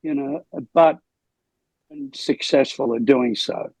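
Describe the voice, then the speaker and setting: Gravelly older man telling stories. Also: medium pitch, slow, no echo, poor audio. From Australia. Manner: rambling, animated anecdotes. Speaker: lead singer, interview guest. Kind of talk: casual storytelling interview.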